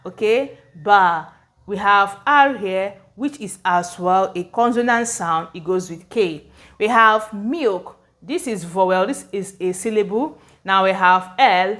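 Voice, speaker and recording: A woman's voice: mid-range voice, a bit bright. A woman teaching English spelling, explaining patiently, sounding out words and often checking that her students follow. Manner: explanatory, repeats words slowly, checks understanding. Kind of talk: spelling lesson at a board.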